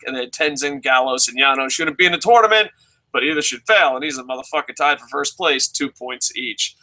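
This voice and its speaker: A man reviewing wrestling shows in casual, profane commentary, excitable, with frequent swearing and stammering. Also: mid-range voice, brisk, rough recording.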